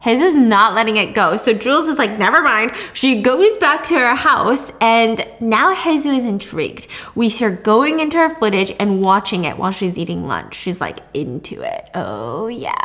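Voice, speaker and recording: A woman's voice: on the high side, expressive, normal speed, a bit bright. A woman host casually recapping a thriller plot with chatty asides. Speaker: podcast host.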